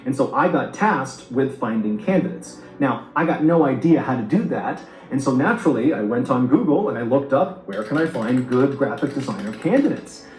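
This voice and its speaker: A man reading a scripted story and a comic ad read with a lively, theatrical delivery. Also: mid-range voice, moderate pace, few pauses, reverberant, poor audio. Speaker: storytelling narrator.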